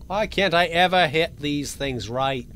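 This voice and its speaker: A man playing a horror game for his channel, joking and taunting the monster he's hiding from, with sudden yells and laughs. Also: a little high, measured pace, a little hiss or hum. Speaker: gaming channel host. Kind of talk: let's play commentary.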